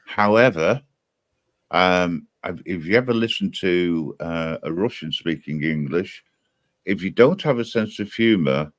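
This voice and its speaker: Male stream host, low voice, dry close sound, teasing banter. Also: expressive, measured pace, no room sound. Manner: teasing, laughs at his own jokes. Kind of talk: casual group chat on a live stream.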